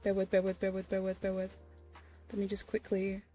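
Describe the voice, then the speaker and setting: A woman chatting in a whispered ASMR livestream, soft and breathy, laughing and swearing casually between close-mic whispers. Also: medium pitch, monotone, fairly quick, soft background music. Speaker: ASMR hypnosis streamer. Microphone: studio condenser mic close up.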